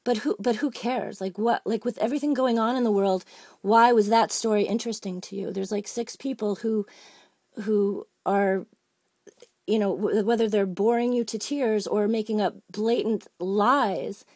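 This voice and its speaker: A woman's voice: medium pitch, steady tone, normal speed, a little mellow, no room sound, clean studio sound. A woman calling in to complain, rambling and agitated, with many restarts. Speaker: caller. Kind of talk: phone-in complaint.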